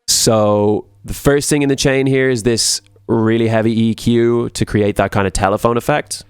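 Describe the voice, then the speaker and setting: A man who produces music, talking through a tutorial in a relaxed, casual way and often repeating words for emphasis. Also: medium pitch, moderate pace, clear, resonant tone, no room sound, studio quality.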